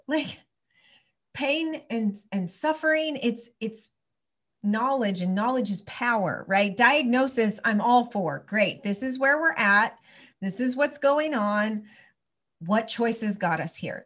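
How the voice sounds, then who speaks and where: A woman's voice: medium pitch, a bit bright. A woman chiropractor in her thirties or forties, talking with heated conviction and frequent restarts in a conversation. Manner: heated, restarts often, ranting. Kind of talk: impassioned conversational talk.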